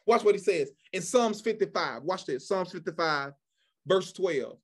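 A man's voice: sits high, lively intonation, unhurried, slightly rough. A man preaching an impassioned sermon, emphatic and often asking the congregation if they follow him. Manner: emphatic, call-and-response questions to the crowd.

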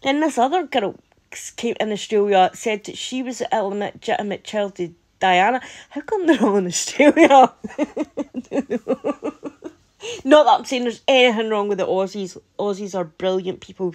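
A woman's voice: mid-range voice, normal speed, darkish tone. A woman with a Scottish accent chatting to camera as a vlogger, laughing often and breaking into incredulous asides. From Scotland. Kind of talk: casual chat to camera.

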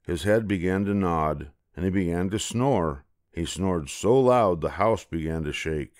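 An older man reading a children's fairy tale aloud in a slow, gentle storytelling manner. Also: sits low, expressive, no echo, clean studio sound.

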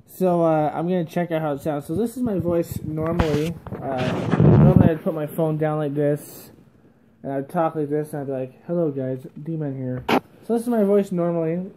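A man's voice: fairly high pitch, background noise. A young man vlogging at home, rambling with lots of fillers as he tests a cheap karaoke microphone plugged into his phone. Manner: rambling and self-conscious, with frequent fillers and small laughs. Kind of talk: casual vlog, testing a microphone. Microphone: cheap karaoke microphone plugged into a cell phone.

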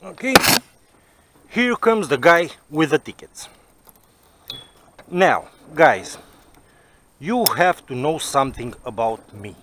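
A man's voice: a little high, very animated, slow, long pauses, background noise. A man casually telling a personal story to viewers, rambling and swearing, with lots of "you know".

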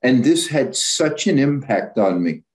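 A man's voice: medium pitch, sing-song, measured pace, a little mellow. A man who is a psychologist, giving a candid, blunt informal lecture with frequent stumbles and self-corrections. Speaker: psychologist and guest speaker.

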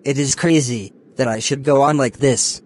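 A man reading a scripted animated story in an even, plain way, voicing all the characters. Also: medium pitch, moderate pace, a little hiss or hum. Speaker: narrator.

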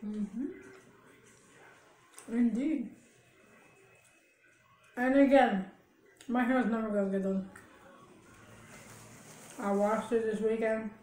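Casting: woman mukbang vlogger, slightly high voice, chatty storyteller, recorded in a reverberant room. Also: fairly even intonation, slow, pauses often, darkish tone. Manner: chatty storytelling with laughs and chewing sounds. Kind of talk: casual chat while eating. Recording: echoey room.

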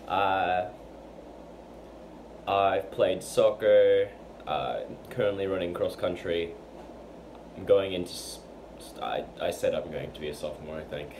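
A man's voice: low voice, a little slow. A teenage boy talking about himself in an unscripted personal vlog, hesitant, with many fillers and restarts. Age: teens. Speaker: fan channel member. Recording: noisy home recording.

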